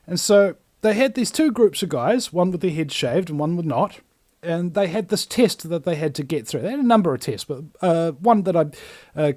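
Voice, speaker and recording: A New Zealand man hosting his own show launches into a ranting monologue, emphatic and scornful, acting out other people's voices. His voice sits high for a man and swings widely in pitch as he drives each point home, though his tone is darkish. The sound is close and dry, with no room sound.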